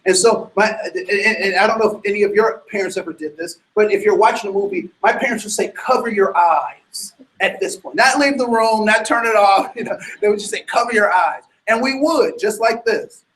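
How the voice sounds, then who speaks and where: A man giving an animated, emphatic sermon-like talk to an audience, full of rhetorical questions and restarts. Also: sits high, brisk, few pauses, echoey room, a little hiss or hum, low-quality recording. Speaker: speaker addressing an audience.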